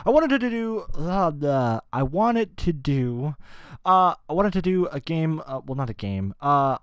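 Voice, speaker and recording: Young male podcast host, slightly high, swears constantly, rambles and restarts. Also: big pitch swings, a little slow, clean tone, no room sound. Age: 20s. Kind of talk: casual rant.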